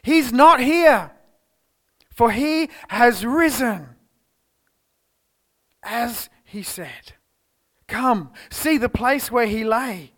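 A man with an Australian accent preaching a church sermon, telling the story expressively and moving between loud exclamations and hushed tones. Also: very high voice. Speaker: pastor. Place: church service.

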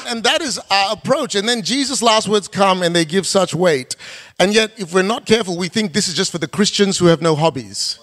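A man's voice: high voice, expressive, brisk, fairly bright tone. Man, pastor, sermon, emphatic, rhetorical questions, long hall reverb.

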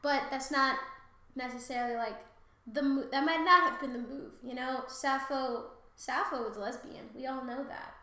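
A woman co-host chats casually and profanely, laughing a lot. Her voice sits high and sounds bright and lively. The room is echoey. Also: moderate pace. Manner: loose, profane, laughs often. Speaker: podcast co-host. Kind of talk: casual podcast chat.

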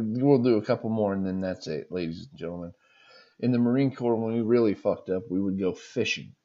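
A man's voice: low voice, warm tone, muffled recording. A man hosting a podcast, reading funny stories aloud and reacting with laughs between them.

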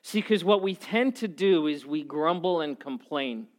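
A man preaching a sermon as a pastor, telling stories in an animated, conversational way. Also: on the high side, measured pace.

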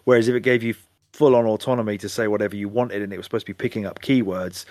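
A man's voice: fairly low pitch, fairly even intonation, very fast, darkish tone, no room sound. A man chatting animatedly on a casual gaming podcast, rambling and swearing now and then. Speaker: podcast co-host.

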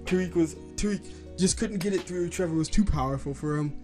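A man's voice: high-pitched, a little fast, darkish tone, faint music behind. Teasing young man telling a story. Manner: teasing storyteller, acts out quotes. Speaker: podcast co-host. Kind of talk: casual chat.

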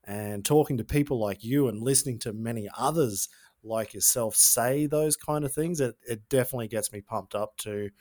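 A man hosting a casual podcast, talking in a reflective, halting way about himself. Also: mid-range voice, warm tone.

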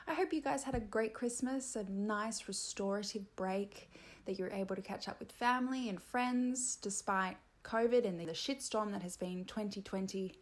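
A woman's voice: medium pitch, moderate pace. An Australian woman hosting a comedy podcast on her own, rambling playfully and mocking herself. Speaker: podcast host. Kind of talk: solo comedy podcast chat.

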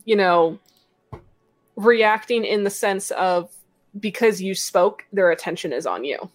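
A woman running a tabletop game as game master, narrating in a relaxed, halting way with many fillers. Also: mid-range voice, no echo, faint music behind.

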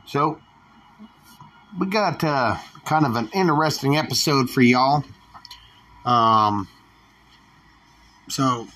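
A male solo podcast host rants bluntly and defiantly, swearing heavily throughout. His medium-pitched voice sounds pushed and bright.

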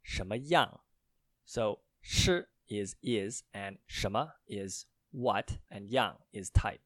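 A man co-hosting a Mandarin lesson, slowly explaining words and spelling out their tones. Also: lowish voice, animated, fairly bright tone, no room sound, studio quality. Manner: slow, careful spelling out of tones. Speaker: co-host teaching Mandarin.

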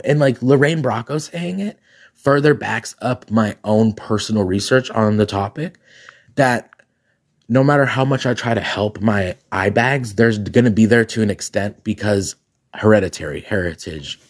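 A man with a raspy voice, hosting a podcast alone as a drag queen, chatting in a sassy, gossipy way and laughing often. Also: medium pitch, animated, normal speed. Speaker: podcast host. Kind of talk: casual solo podcast chat.

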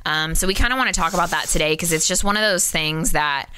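A woman's voice: on the low side, fast talker, sharp tone, smooth, dry recording. A woman co-hosting a podcast, explaining mortgage shopping in an upbeat, chatty way while a little under the weather. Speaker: podcast co-host, mortgage broker. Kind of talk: casual podcast chat.

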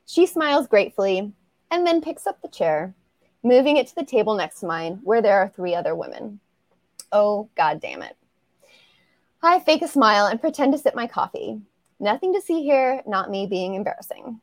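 A woman's voice: mid-range voice, big pitch swings, moderate pace, no echo. Woman author reading her novel aloud. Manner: casual, laughs easily between lines. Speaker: romance author, guest.

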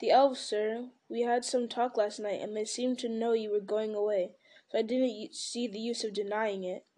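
A woman's voice: on the high side, flat delivery, moderate pace, mellow, close to an everyday voice. Sam, a loyal hobbit servant, read by a woman. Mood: earnest. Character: loyal, earnest young male hobbit servant.

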